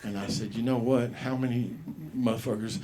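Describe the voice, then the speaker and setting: On a handheld mic in a comedy club, a male host runs an open mic and does a loose, rambling stand-up set, swearing freely and acting out voices in his stories. His mid-range voice is steady and dark, and he talks fairly quickly.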